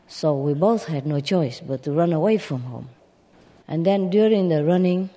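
A storyteller telling an animal fable slowly, with sighs, laughs and asides to listeners. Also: medium pitch, lively intonation, warm tone. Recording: long hall reverb.

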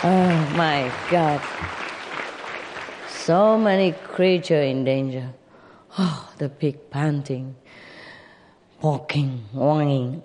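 A storyteller telling an animal fable slowly, with sighs, laughs and asides to listeners. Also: mid-range voice, darkish tone. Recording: long hall reverb.

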